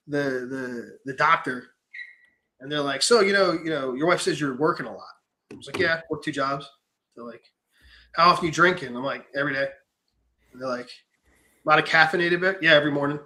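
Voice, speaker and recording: Brief: young man, higher voice, rapid-fire animated storyteller with a foul mouth. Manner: animated storyteller, swears freely, acts out quotes. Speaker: podcast host. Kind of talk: casual chat.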